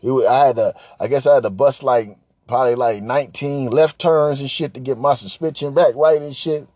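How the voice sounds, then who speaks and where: A man's voice: mid-range voice, steady tone, a little fast, darkish tone, no room sound. A man hosting a podcast, telling a crude, rambling comic rant and rapping over a beat. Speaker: podcast host. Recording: hip hop beat playing behind.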